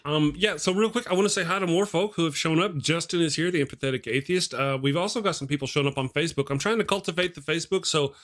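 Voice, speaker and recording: Jokey man in his forties, slightly high voice. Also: quick pace, few pauses, fairly bright tone. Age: 40s. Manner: jokey, rambling, laughs often. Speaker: host. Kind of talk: casual livestream chat. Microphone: webcam set above.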